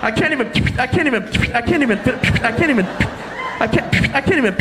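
A man's voice: extremely high pitch, expressive, a little fast, background noise. A man doing a comic radio monologue, goofing around and laughing at his own bits. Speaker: radio show co-host.

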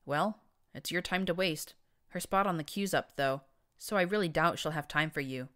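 A woman's voice: low-pitched, brisk, a bit bright. A woman voicing an older gray mare who runs maintenance, dry and blunt in speech. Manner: dry, blunt, matter-of-fact.

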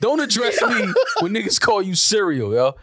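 A man co-hosting a podcast in loud, animated banter, swearing often. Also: high-pitched, normal speed. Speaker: podcast co-host.

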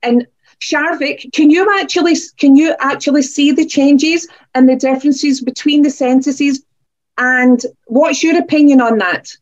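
Encouraging woman teaching kids online; high pitch, muffled video-call sound. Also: fairly even intonation, measured pace, a little mellow. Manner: encouraging, questioning pupils by name. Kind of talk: online creative writing lesson for children.

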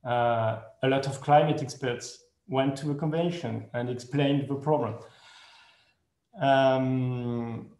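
Sex: man. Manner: slow, hesitant non-native English. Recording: echoey room. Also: medium pitch, a little mellow. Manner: hesitant, many pauses and fillers, self-correcting; speaks English as a second language. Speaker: conference speaker. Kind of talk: online conference presentation.

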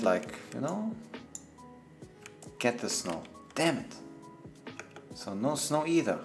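A man's voice: medium pitch, vocal fry, fairly bright tone. A man, a gaming streamer chatting playfully through live gameplay, laughing often and talking to the animals in the game.

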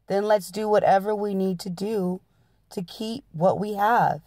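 A man's voice: sits high, steady tone, measured pace, darkish tone, no room sound, clean studio sound. A woman reading a volatile, controlling man's lines in a memoir, barking threatening demands. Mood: coaxing. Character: volatile, controlling adult male music mogul boyfriend.

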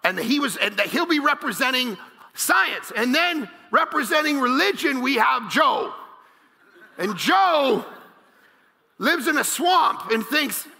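A male pastor preaching a sermon, energetic and joking, now and then bursting into shouts. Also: extremely high pitch, takes it slowly, vocal fry, long reverb tail. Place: large church auditorium.

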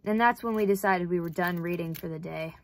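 A woman's voice: fairly low pitch, fairly quick. Chatty young woman with a light Southern accent. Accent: light Southern American. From Southern United States. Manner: rambling, chatty, says "like" often; self-deprecating, wry asides. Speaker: vlogger. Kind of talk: casual chat while sewing.

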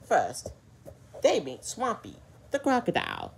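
A woman improvising a children's story with stuffed animals, hesitant, with fillers and slips, and a very lively pitch. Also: a little slow, gravelly, a little hiss or hum.

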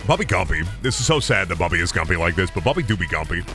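Goofy, lively-voiced male streamer. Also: low-pitched, fast talker, music in the background. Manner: goofy, repeats silly made-up phrases in a sing-song way; talks to chat and viewers, thanks subscribers. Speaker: game streamer. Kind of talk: casual gaming stream chatter.

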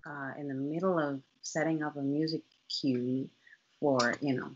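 A woman guest telling a personal story in a casual, animated way, acting out what people said. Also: low voice, a little slow, slight background noise. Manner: animated, lively, acts out quotes in other voices. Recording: dull lo-fi sound.

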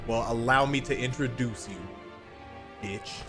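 A man streaming a game, excitable and trash-talking with loud outbursts. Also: medium pitch, a little slow. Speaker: gaming streamer. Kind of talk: gameplay commentary. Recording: loud game music behind.

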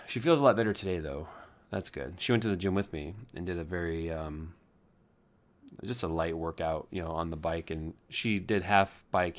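A tired young man rambling through a low-energy daily vlog from home, joking at his own expense. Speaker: vlogger.

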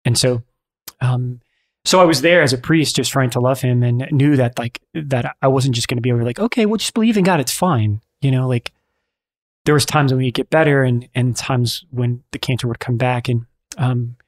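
Earnest halting priest telling a story. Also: male voice, medium pitch, fairly even intonation. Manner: earnest, halting, many restarts. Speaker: priest and friar. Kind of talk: conversational storytelling.

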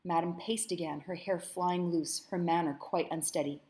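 A woman teacher reading a novel aloud with commentary, measured and expressive. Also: on the low side.

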